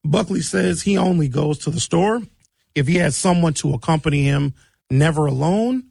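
A man hosting a talk show who is hoarse from recent shouting, giving blunt, conversational commentary on local news and asking rhetorical questions. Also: a little high, moderate pace, no room sound, studio quality.

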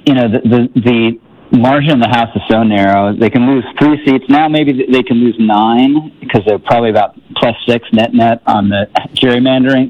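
A man's voice: mid-range voice, lo-fi sound. A man giving political commentary on a talk radio show, wry and skeptical, often restarting his sentences.

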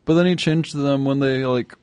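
A young man hosting a casual college radio show, chatty and quick. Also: medium pitch, fairly even intonation, darkish tone, clean tone, no room sound, studio quality. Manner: quick, chatty, laughs easily. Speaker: radio host.

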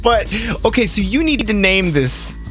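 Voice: mid-range voice, big pitch swings, normal speed, over music. A radio host leading a morning show, teasing and laughing often.

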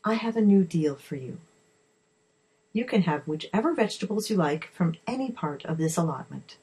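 A woman's voice: lowish voice, expressive, moderate pace, warm tone, husky, heavily acted, poor audio. A woman voicing an earnest, kind mother who is new to gardening, speaking eagerly. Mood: friendly.

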